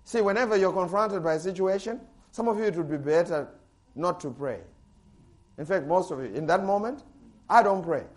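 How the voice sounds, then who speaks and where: Male pastor, high-pitched, animated sermon delivery with loud bursts. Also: normal speed.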